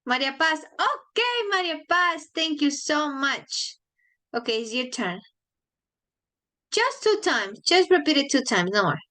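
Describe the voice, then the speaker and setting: A woman's voice: high-pitched, very animated, unhurried, sharp tone. A woman teaching an online English class, friendly, asking her students the same questions again and again.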